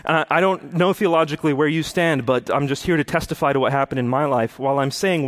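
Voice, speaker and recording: A man's voice: fairly high pitch, fast talker. A man giving a sermon about his own conversion, telling it earnestly and rising to impassioned preaching. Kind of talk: testimony sermon.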